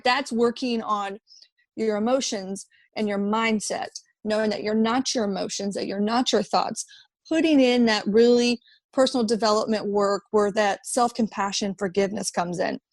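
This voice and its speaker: A woman's voice: on the high side, a little mellow, no room sound. A woman in her thirties, a podcast guest, talking earnestly in a conversational interview and often repeating words as she thinks. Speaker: podcast guest, app founder.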